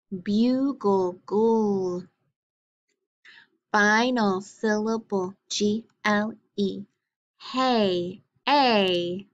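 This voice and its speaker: A woman teacher leading a phonics lesson, naming letters and sounds slowly and patiently. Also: mid-range voice, fairly bright tone. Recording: dull lo-fi recording.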